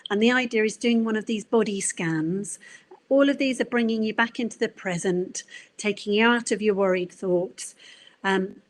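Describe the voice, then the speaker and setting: A middle-aged woman giving a career coaching talk at a conference, gentle and encouraging, with frequent fillers. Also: medium pitch, rough recording. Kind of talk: conference presentation.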